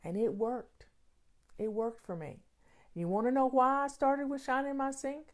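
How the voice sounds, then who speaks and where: A woman's voice: high voice, fairly even intonation, moderate pace. A woman hosting a casual question-and-answer show on home organizing, talking in an emphatic, folksy way and repeating key phrases.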